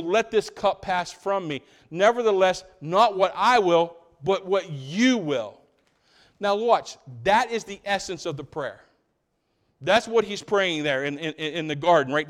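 Male preacher with dramatic swings. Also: measured pace. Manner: dramatic, swings between loud emphasis and hushed low passages; asks the congregation rhetorical questions. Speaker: pastor. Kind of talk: sermon.

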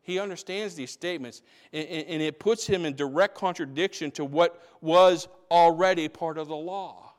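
A man's voice: on the high side, normal speed, few pauses. A man preaching a sermon as pastor, emphatic, repeating phrases for stress. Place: church.

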